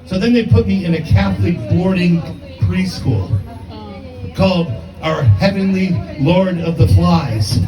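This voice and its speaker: Man in his fifties, stand-up comedian, profane, self-mocking, higher voice, distant roomy club sound. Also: measured pace, music in the background. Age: 50s.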